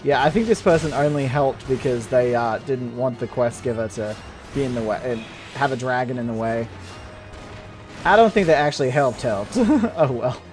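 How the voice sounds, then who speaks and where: A man giving casual, rambling gameplay commentary, excitable and laughing often as he plays. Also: mid-range voice, normal speed, faint music behind. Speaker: gameplay video host.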